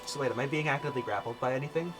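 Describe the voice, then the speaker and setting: A man's voice: medium pitch, rapid-fire, music in the background. A man playing in a tabletop game, joking and hamming things up for the table. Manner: joking, playfully dramatic. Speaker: player.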